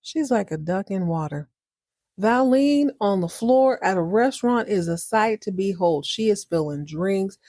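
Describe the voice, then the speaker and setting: A woman hosting a podcast, recapping a TV episode in a chatty, animated way and acting out the characters. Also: medium pitch, a little slow, no room sound, studio quality. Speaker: podcast host.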